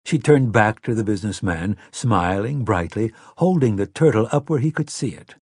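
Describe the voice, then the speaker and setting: Husky male audiobook narrator. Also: fairly low pitch, no room sound, studio quality. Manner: measured, expressive storytelling. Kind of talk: scripted narration.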